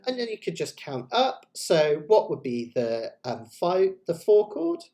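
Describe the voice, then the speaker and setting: A man's voice: on the high side, big pitch swings, unhurried. A man hosting an online ukulele jam, chatting and explaining chords step by step. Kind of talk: casual online music lesson. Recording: loud ukulele music behind the voice.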